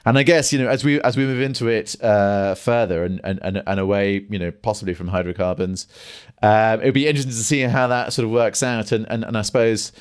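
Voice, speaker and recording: A man's voice: fairly low pitch, steady tone, fairly quick, clean tone. Hesitant man hosting a podcast. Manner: hesitant, many restarts and fillers. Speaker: podcast host. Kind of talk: casual discussion and solo commentary.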